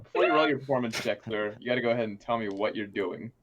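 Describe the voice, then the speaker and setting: A man narrating as game master of a tabletop game, often pausing with ums and uhs. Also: fairly low pitch, dull audio, a crowd in the background. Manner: hesitant, many ums and uhs.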